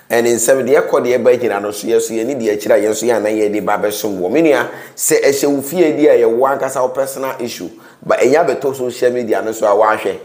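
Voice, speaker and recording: A man's voice: mid-range voice, darkish tone. A Ghanaian man hosting a gossip news commentary, with pleading, preachy asides to his viewers. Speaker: host. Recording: roomy echo.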